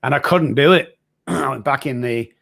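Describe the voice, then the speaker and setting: A man's voice: medium pitch, normal speed, gravelly, a bit bright. A middle-aged man, frankly telling his own hard story as a podcast guest. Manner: earnest, raw, frank. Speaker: recovery expert guest. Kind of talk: candid personal storytelling.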